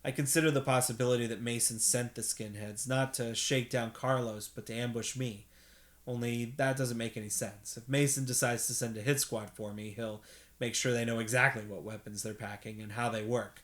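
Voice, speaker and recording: Man, bedtime reading, novel aloud, steady first-person narration, mid-pitched voice. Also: moderate pace. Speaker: reader, host.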